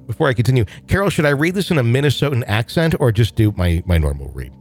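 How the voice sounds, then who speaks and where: A man hosting a podcast, chatting casually and reading a listener's letter aloud in a relaxed, joking way. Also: mid-range voice, quick pace, hardly any pauses, faint music behind. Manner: relaxed, joking, with many fillers. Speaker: podcast host.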